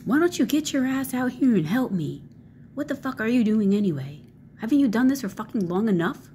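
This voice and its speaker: Woman putting on a yelling parent, swearing, needy and bitter, pitched way up. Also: sing-song, fairly quick, slight background noise. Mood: furious. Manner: shouting, cursing, demanding.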